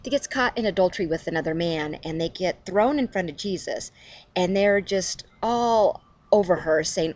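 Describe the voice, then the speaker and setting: A woman's voice: on the low side, expressive, moderate pace, a little mellow. A middle-aged woman hosting a casual devotional video, talking chattily to camera at home and laughing at herself.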